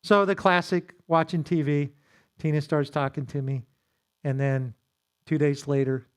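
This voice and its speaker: A man with a slightly high voice leads a marriage seminar at a church. He teaches in an easygoing, conversational way. He pokes fun at himself and acts out little exchanges as he goes. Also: steady tone, measured pace, smooth. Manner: conversational, with self-deprecating humor and acted-out quotes. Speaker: pastor leading a marriage seminar.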